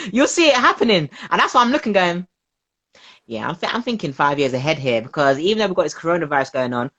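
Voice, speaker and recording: A woman, a podcast guest chatting casually, animated and quick to laugh, slipping into playful voices for people she quotes. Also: lowish voice. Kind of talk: casual chat.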